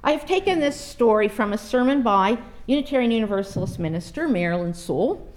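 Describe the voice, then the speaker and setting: Female preacher reading a story to her listeners; lively, expressive delivery. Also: on the high side, a little fast. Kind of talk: storytelling read aloud.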